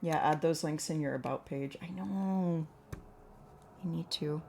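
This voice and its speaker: Low, gravelly-voiced woman chatting on stream. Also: fairly even intonation, a little fast, a little mellow, slight background noise. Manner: rambling, self-deprecating, answers chat comments aloud; slightly whiny, pleading tone. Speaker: livestream host painting with watercolors. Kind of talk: casual chat with live chat viewers.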